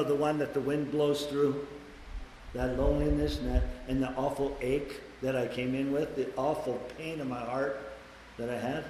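Older man, recovery meeting speaker, blunt and casual, loud acted-out quotes, booming long reverb of a large hall. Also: slight background noise. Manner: blunt, swears casually, acts out quotes loudly. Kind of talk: personal testimony talk. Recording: echoey hall with faint ambience.

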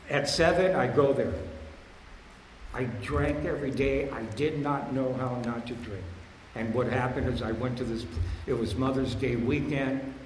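A man in his sixties telling his recovery story at a meeting, rambling and repeating himself in blunt, streetwise talk, getting louder and higher on his punchlines. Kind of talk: personal recovery share. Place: meeting hall. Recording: echoey hall with room hum.

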